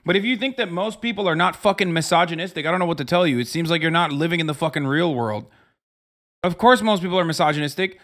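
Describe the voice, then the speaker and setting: A man in his thirties ranting profanely on a livestream, often switching into loud mocking voices. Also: fairly high pitch, fast talker. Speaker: streamer reacting to videos. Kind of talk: casual livestream commentary.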